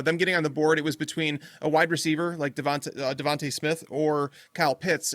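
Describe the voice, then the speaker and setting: A man's voice: on the high side, a bit bright, dry recording. A man on a sports podcast panel, talking through picks with stumbling restarts. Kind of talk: casual sports chat.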